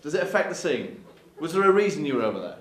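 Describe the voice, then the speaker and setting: A man's voice: fairly high pitch, very animated, fast, a bit bright. A man directing a student film rehearsal, bossy and exasperated. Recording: echoey room from afar.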